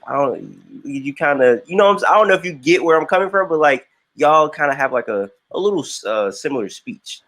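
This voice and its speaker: A young man from Florida hosting a podcast interview, chatty and slangy, with quick bursts and lots of filler. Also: on the high side, expressive, fairly bright tone. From Jacksonville, Florida. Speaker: podcast host. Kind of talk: casual interview chat.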